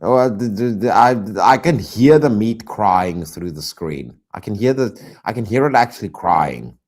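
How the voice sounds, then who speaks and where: A man streaming reaction commentary, exasperated and loud, repeating himself and swearing often. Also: lowish voice, expressive, a little slow, slight background noise.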